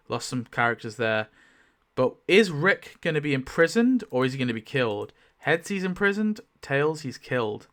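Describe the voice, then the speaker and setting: Male YouTuber, rambling casual commentary, clear smooth voice, mid pitch. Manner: rambling, lively, many fillers and laughs. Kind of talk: casual commentary while spinning a wheel.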